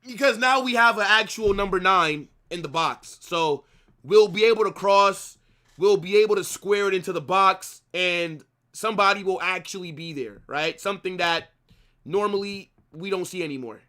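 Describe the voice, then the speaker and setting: A man's voice: high voice, moderate pace, sharp tone. A young man hosting a live football watch-along, ranting at his viewers with heavy profanity and lots of repetition. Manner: profane, ranting, repeats himself.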